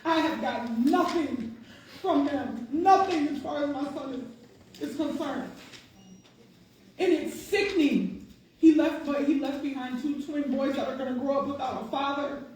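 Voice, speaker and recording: Emotional woman, high voice, booming hall. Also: moderate pace, darkish tone. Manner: impassioned, insistent, repeating questions. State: emotional, near tears. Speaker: bereaved mother speaking at a public meeting. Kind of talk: emotional public testimony. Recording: very echoey hall, mic far off, faint hiss.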